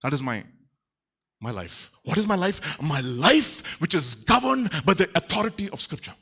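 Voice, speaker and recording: Animated pastor with bright voice. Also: male voice, a little high, normal speed, husky. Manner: animated, acts out quotes in playful voices. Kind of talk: sermon. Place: church.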